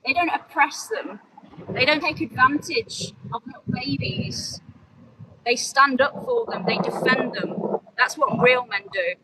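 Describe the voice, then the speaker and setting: A woman's voice: high-pitched, unhurried. A young woman with a Midlands accent, livestreaming outdoors by a road on her phone, chatting with viewers and preaching earnestly. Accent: English Midlands. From English Midlands. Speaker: animal rights activist livestreamer. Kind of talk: casual livestream chat. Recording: loud outdoor traffic noise.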